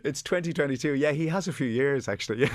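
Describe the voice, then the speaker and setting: A man's voice: mid-range voice, quick pace, no room sound. An Irish man talking as an author guest in a radio studio interview, rambling and self-deprecating with many restarts. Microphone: studio microphone.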